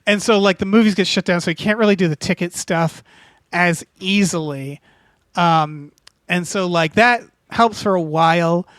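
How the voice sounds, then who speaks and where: A man with a high-pitched voice talks loosely as a podcast co-host, leaning on "like" and "um." The sound is dry and close, with no room around it. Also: normal speed, a bit bright, no echo. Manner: laid-back, fillers like "like" and "um". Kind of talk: casual chat.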